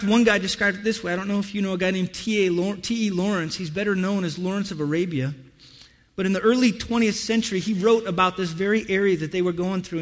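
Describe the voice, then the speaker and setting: A man preaching a sermon as pastor, telling stories in an animated way and acting out what people say. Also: high voice, in a large hall. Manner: animated storytelling, acts out voices.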